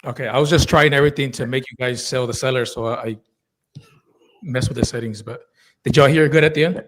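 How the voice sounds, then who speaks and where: A man's voice: mid-range voice, fairly even intonation, brisk. A man working as a real estate closer, easygoing and colloquial. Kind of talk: casual chat.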